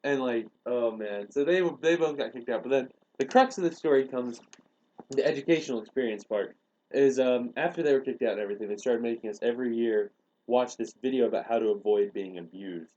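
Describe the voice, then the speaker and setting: A man's voice: mid-range voice, brisk, muffled recording. Young man telling a story casually. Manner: animated retelling, acts out quoted lines. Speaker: podcast host.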